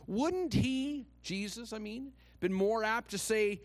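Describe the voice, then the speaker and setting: A man pastor preaching a sermon. He swings from hushed asides to loud, shouted declarations and asks many rhetorical questions. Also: sits high, slow pace, dry recording.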